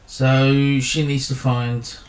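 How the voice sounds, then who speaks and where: A man's voice: medium pitch, flat delivery, slow. A man co-hosting a podcast, chatting casually and often chiming in with short agreements. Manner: frequent short agreeing interjections. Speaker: podcast co-host. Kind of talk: casual chat. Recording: roomy echo, faint background noise.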